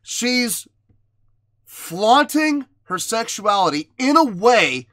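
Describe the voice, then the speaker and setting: A man's voice: very high-pitched, big pitch swings, slow, pushed and bright. A man hosting a music reaction video, talking casually and with emotion, exclaiming, sighing and restarting his sentences as he thinks aloud.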